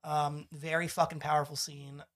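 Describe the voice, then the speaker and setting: A man's voice: a little high, level tone, moderate pace. Rambling, profane male podcast host. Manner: rambling, profane, acts out quotes with shifting voices. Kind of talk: casual chat recapping a TV episode.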